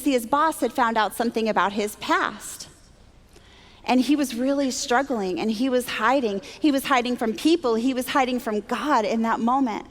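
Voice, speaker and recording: A woman sharing a personal faith testimony, animated and self-deprecating, acting out her own thoughts as she tells the story. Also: high-pitched. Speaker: Christian speaker. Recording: long hall reverb.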